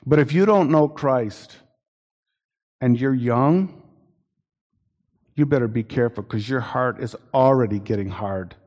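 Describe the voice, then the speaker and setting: A man's voice: medium pitch, a little slow, long pauses, darkish tone. A male pastor preaching a sermon with an earnest, warning manner, often restarting his sentences. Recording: long hall reverb.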